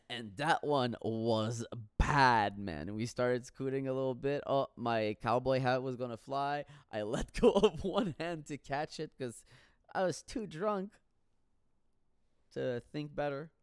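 A man's voice: mid-range voice, slow, smooth, no echo, studio quality. A man telling stories in a casual solo monologue, rambling and profane with frequent laughter.

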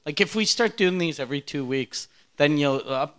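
A man's voice: a little high, expressive, normal speed, fairly bright tone, clean tone. A man co-hosting a podcast in casual chat, joking crudely and teasing his co-host.

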